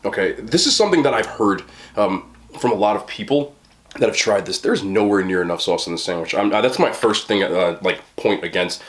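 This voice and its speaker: A man casually reviewing fast food on camera, chatting with fillers and talking through mouthfuls at a desk mic. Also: fairly low pitch, animated. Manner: chatty, talks while chewing, frequent fillers.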